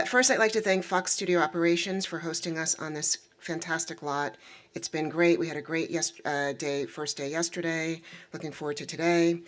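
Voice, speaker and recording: A woman in an executive role opening a conference session with upbeat welcome remarks, thanking hosts and sponsors and introducing the moderator. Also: low voice. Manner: upbeat, self-deprecating, a few restarts. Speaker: guild executive introducing a panel. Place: conference venue with a live audience.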